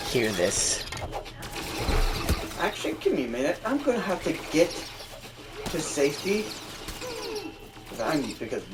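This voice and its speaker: A man telling a personal story in casual chat while gaming, rambling and restarting his sentences. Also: mid-range voice. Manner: rambling, restarts and self-corrections. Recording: noisy background.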